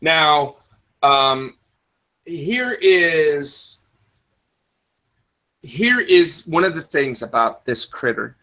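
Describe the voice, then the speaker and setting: A man's voice: on the high side, animated, very slow, long pauses, bright, forceful tone, low-quality recording. A man hosting a podcast in casual talk, rambling with many restarts and fillers, and stopping to answer the live chat. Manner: answers live chat, spells words in the phonetic alphabet. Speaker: podcast host.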